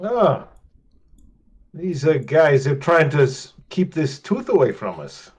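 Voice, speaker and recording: A man's voice: a little high, big pitch swings, takes it slowly, darkish tone, breathy edge. A man playing a tabletop game, talking casually and plainly. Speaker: player. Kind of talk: tabletop game role-play.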